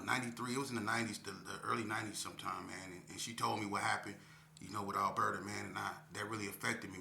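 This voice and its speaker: A man in his fifties talking casually to the camera. He is reflective and unhurried, peppers his talk with "man," and speaks to viewers as y'all. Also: on the low side, vocal fry, bright, forceful tone, echoey room, slight background noise. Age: 50s. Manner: reflective, drawn-out, often ends phrases with "man" and addresses viewers as y'all. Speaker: vlogger.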